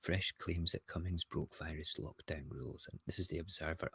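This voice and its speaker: A man's voice: very deep voice, steady tone, moderate pace, gravelly, hardly any pauses, bright, forceful tone, slightly rough, no room sound. A man who hosts a casual morning show, reading newspaper headlines aloud and mocking them with gleeful, ranting commentary. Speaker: host. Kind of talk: casual morning news rant.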